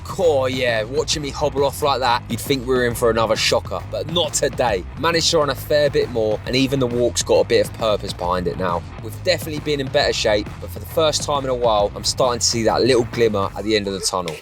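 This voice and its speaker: A man's voice: mid-range voice, fast talker, hardly any pauses, soft background music. A young Englishman in a laid-back, slangy vlog chat, reviewing gear and narrating his run. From England. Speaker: host, endurance runner. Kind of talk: casual vlog talk and narration.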